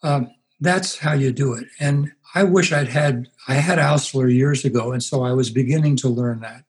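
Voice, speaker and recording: Older man telling slow stories. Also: mid-range voice, poor audio. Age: 80s. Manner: unhurried storyteller, acts out quoted voices. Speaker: pastor and guest. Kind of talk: reflective storytelling interview.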